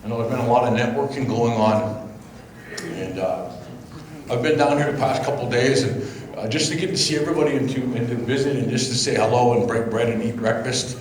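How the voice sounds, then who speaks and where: A man giving an informal welcome speech as a tribal chairman. He speaks off the mic, in a halting and reflective way with many fillers. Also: medium pitch, steady tone. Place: indoor event hall. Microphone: speaking without the mic. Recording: very echoey hall, faint background hum.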